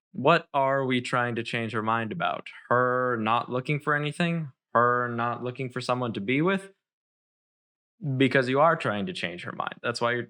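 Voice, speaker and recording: A man's voice: mid-range voice, fairly bright tone, smooth. A man giving a dry, sarcastic lyric analysis, picking apart the song's wording. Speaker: song reviewer.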